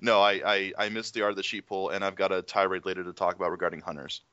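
A man's voice: deep voice, level tone, fast, sharp tone, a little hiss or hum. A man co-hosting a casual gaming chat, telling stories and ranting with a lot of swearing. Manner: profane, ranting storyteller. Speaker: podcast co-host. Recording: dry, slightly dull lo-fi audio.

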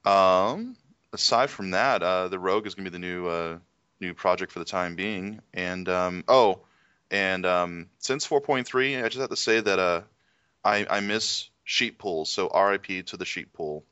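Low-voiced, bright-sounding ranting man. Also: normal speed, clear, resonant tone, dry recording. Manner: profane, ranting storyteller. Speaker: podcast co-host. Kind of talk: casual gaming chat. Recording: dry, slightly dull lo-fi audio.

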